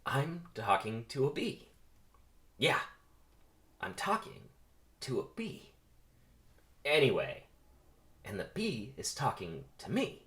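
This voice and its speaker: A man's voice: huge pitch swings, slow, long pauses, pushed and bright, full character voice. A man voicing a flustered young woman who meets a talking bee, in a comedic script reading. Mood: bewildered. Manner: high, startled put-on voice.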